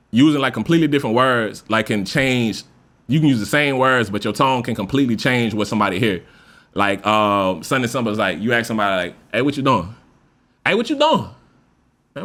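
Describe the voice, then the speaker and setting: Fast-talking man with a loose, profane delivery. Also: mid-range voice. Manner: loose, profane, animated speaker who acts out example voices. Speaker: podcast host. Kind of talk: casual monologue.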